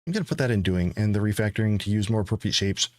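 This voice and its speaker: A man's voice: lowish voice, lively intonation, racing, darkish tone, no echo, clean studio sound. A man streaming game development, thinking aloud and rambling casually to his viewers. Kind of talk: casual live-stream chat.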